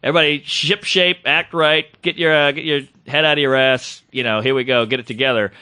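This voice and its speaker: A man, a comedian, telling a story on a podcast in an animated, profane, self-deprecating way. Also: fairly high pitch, a little fast, clear, resonant tone.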